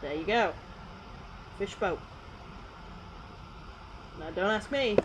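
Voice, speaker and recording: A woman's voice: mid-range voice, takes it slowly. A woman streamer giving casual meme review commentary, rambling and giggling with lots of fillers. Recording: steady background noise.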